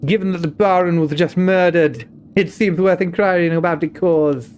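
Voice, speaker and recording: A man's voice: high-pitched, fairly even intonation, normal speed, darkish tone, a little hiss or hum, pitched above the performer's own voice, lightly acted. A British man reading the lines of an earnest young male investigator, asking plain, earnest questions.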